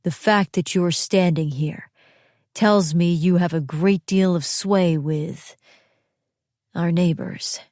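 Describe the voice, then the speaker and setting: A woman's voice: fairly low pitch, fairly even intonation, slow pace, darkish tone, no echo, pitched below the performer's own voice. Solemn wary trail captain guy read by a lady narrator, blunt, grave, dry studio. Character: solemn male wagon train captain, guarded. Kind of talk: audiobook character reading.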